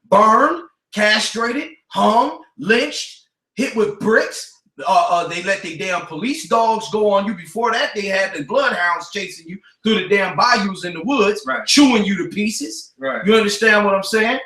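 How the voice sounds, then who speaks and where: A man hosting a radio show, preaching forcefully in street slang laced with scripture, repeating his points for emphasis. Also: high voice, a little slow, reverberant, distant mic, rough recording. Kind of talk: preaching talk radio commentary.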